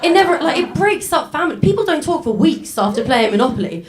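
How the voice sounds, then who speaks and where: A woman's voice: high voice, sing-song, quick pace, over music. Young woman doing stand-up, chatty and self-deprecating, lots of likes and ums. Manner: chatty, self-mocking, with many fillers. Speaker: stand-up comedian. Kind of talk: stand-up set. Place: stage before a live audience.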